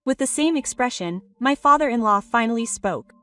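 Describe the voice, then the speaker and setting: A woman narrating a story in a plain, even reading voice. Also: a little high, moderate pace. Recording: distant voice over soft background music.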